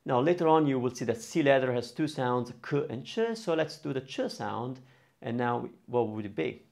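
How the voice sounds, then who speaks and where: A man's voice: medium pitch, normal speed, vocal fry, a little mellow. A man teaching a beginner online lesson, explaining patiently and drawing out syllables and vowel sounds to demonstrate them. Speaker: Italian teacher.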